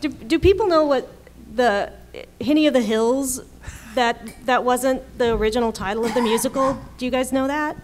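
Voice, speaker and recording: A woman's voice: high voice, moderate pace, background noise. Chatty woman writer, laughing often. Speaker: TV writer on a convention panel. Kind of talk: panel discussion. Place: convention panel room.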